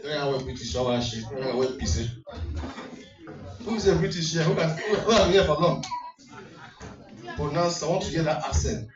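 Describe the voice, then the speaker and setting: A man's voice: fairly high pitch, moderate pace, long pauses, recorded from a distance. A man hosting a community party, teasing the crowd playfully as he mixes English and Igbo. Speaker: event host. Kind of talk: joking emcee banter at a party. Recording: echoey hall, mic from afar, dull sound with loud music.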